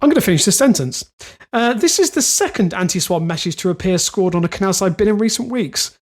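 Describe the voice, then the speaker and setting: A young man co-hosts a podcast, reading bizarre news aloud and then rambling into jokes in casual comedic chat. He has a high-pitched voice with lively intonation and speaks a little fast.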